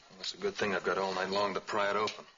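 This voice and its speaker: A wry, low-voiced master thief. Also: male voice, level tone, racing, sharp tone. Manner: wry, teasing, dry. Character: suave male master thief, wry and confident. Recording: muffled 1960s TV soundtrack with clear hiss.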